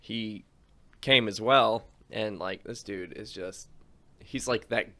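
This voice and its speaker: A man's voice: on the low side, slow pace, bright, forceful tone. A man co-hosting a podcast in casual chat, laughing and swearing freely as he tells stories. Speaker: podcast co-host.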